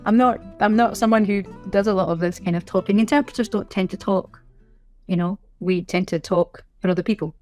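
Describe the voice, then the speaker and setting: A woman with a Scottish accent, a sign language interpreter being interviewed in casual chat, self-deprecating with quick asides. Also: mid-range voice, fairly even intonation, darkish tone, soft background music. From Scotland.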